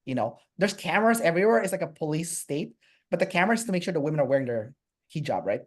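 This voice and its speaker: Animated, rambling Canadian man. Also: on the high side, quick pace. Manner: animated, many fillers and restarts. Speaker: interview guest. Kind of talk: casual storytelling chat.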